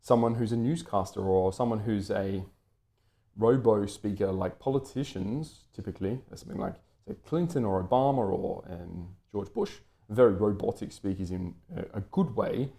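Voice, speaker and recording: Low, mellow male voice, British-raised, rambling lecture delivery with ums and restarts. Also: moderate pace, creaky. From Britain. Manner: wordy, lots of fillers and restarts. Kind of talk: unscripted lecture-style commentary.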